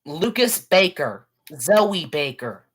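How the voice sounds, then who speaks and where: A lively woman co-hosting a game podcast, with a lowish voice. She talks fast and swears freely, mimicking characters as she recaps the story. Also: slightly rough. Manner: animated, swearing, acts out game characters, laughs often. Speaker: podcast co-host. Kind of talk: casual game review chat.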